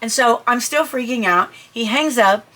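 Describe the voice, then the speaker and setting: A middle-aged woman telling a personal story in a chatty, animated way, with asides and fillers. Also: normal speed. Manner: animated, jumps high and shouts when quoting her own panic. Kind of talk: personal anecdote told to listeners.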